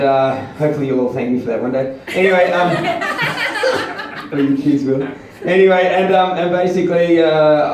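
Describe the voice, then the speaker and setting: A man's voice: medium pitch, darkish tone, a little hiss or hum. Rambling man telling a stand-up story. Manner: rambling, many ums and uhs, crude and self-mocking. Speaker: stand-up comedian. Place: small comedy venue, audience laughing. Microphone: far camera. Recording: echoey room, taped from far off.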